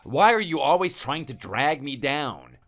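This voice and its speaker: A man's voice: a little high, sing-song, unhurried, a bit bright, soft background music, full character voice. A synthetic male voice doing a threatening husband. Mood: scornful. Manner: defensive and contemptuous. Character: hot-tempered, threatening adult husband. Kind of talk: text-message story voice-over.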